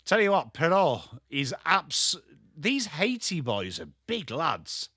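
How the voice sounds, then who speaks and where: A man's voice: on the high side, huge pitch swings, slow pace, sharp tone, breathy edge, no echo, clean studio sound. A man with an English accent giving live, chatty and jokey football watchalong commentary, greeting viewers by name. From England. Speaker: watchalong streamer.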